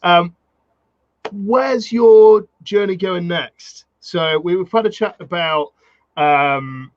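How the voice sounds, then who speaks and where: A man's voice: high-pitched, no room sound, lo-fi sound. A man hosting a podcast, chatting casually and agreeing eagerly with his guest. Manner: enthusiastic, quick to agree. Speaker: podcast host. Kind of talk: casual interview chat.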